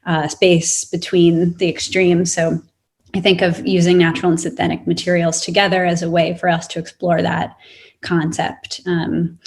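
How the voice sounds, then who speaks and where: A woman artist answers a panel question in a lowish, gravelly voice. She pauses often with ums while she works through her ideas. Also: darkish tone. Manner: thoughtful, frequent ums.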